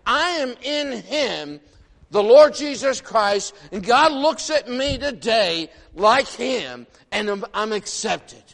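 Older guy preaching, high voice, folksy and animated, lots of "you know what?", big echoey church. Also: slow, creaky. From northern United States. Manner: animated, folksy, many rhetorical questions. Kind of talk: sermon. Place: church sanctuary. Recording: long reverb of a large hall.

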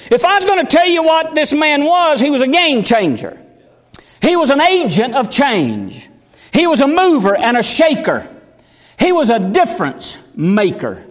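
Pastor, high-pitched man, fervent folksy preaching, reverberant sanctuary. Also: big pitch swings, normal speed. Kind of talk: sermon. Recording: long hall reverb.

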